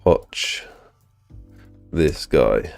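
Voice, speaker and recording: Low-voiced man, ill, chatting. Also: lively intonation, very slow, creaky, a little mellow, faint music behind. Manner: rambling, filler-heavy, chatting to viewers. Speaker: pressure washing business owner and live streamer. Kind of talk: casual live-stream chat.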